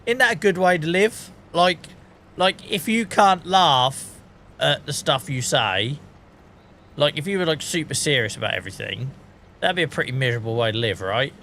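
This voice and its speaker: A man's voice: on the high side, moderate pace, pushed and bright, slight background noise. A British man streaming a game, chatting casually and ranting, laughing often at his own jokes. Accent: British English. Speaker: gaming streamer. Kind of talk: casual live-stream chat.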